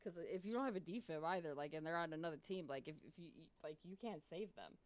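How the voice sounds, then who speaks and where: A woman's voice: fairly low pitch, quick pace, no echo. A woman streamer casually telling a story to her viewers, rambling with lots of "like" and plenty of swearing, acting out both sides of conversations. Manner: rambling, full of "like" and frequent swearing; retells chats by voicing both sides. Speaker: game streamer.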